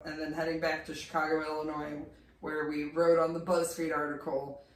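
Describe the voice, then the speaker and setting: A woman's voice: low voice, normal speed. A young woman casually telling a funny story, acting out quotes and laughing as she talks. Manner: animated, laughing, acts out quotes. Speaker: storyteller co-host. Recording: roomy, distant mic, faint noise.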